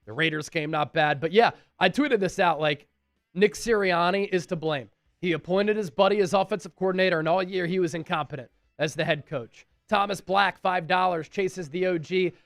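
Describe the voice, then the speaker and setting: A man with a high voice hosts a casual live sports stream, reading fan messages aloud and thanking each sender. The sound is dry and close. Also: moderate pace, no room sound.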